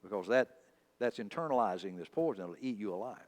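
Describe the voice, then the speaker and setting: A man's voice: lowish voice, expressive, fast. A male pastor preaching a sermon, telling folksy, humorous stories in a conversational way. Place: church sanctuary.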